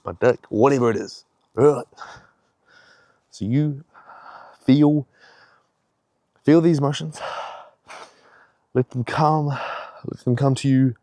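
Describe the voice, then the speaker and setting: A man's voice: mid-range voice, mellow, no echo, studio quality. A young man giving a rambling, heavily profane pep talk in a casual vlog, a little out of breath. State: slightly out of breath. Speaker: fitness vlogger.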